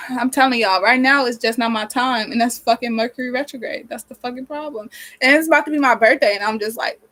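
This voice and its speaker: A woman's voice: fairly high pitch, a little fast, a bit bright, rough recording. Frank, rambling nineteen-year-old woman. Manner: frank and rambling, heavy swearing, venting. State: irritated nose, sniffling. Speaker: vlogger. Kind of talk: casual chat while doing her hair. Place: small cold bedroom with a space heater running.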